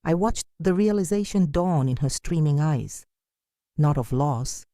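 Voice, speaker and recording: A woman narrating a dramatic first-person story, measured, calm and firm. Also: sits low, dry recording, clean studio sound.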